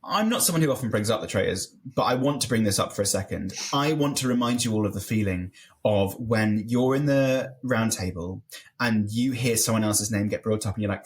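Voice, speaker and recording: A man co-hosting a podcast in casual chat, joking and animated. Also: on the low side, a little fast. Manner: jokey, animated. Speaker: podcast co-host.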